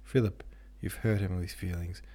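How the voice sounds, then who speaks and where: An older aunt scolding her nephew, read by a man with little change of voice. The tone is deep, dark and husky, and the reproach is kept quiet. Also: fairly even intonation, moderate pace. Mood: reproachful.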